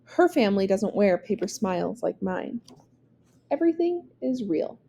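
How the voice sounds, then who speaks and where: Lady reading a novel in verse out loud, warm mellow voice, measured. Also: medium pitch, big pitch swings, vocal fry, slight background noise. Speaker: reader. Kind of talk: read-aloud of a verse novel.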